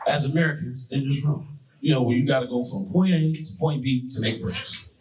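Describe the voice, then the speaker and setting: A man's voice: mid-range voice, brisk, poor audio. A man from Brooklyn doing a profane, conversational stand-up set on a live stage. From Brooklyn, New York. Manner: profane, conversational, punchy delivery. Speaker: stand-up comedian. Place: live comedy stage with audience. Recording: live show with loud crowd.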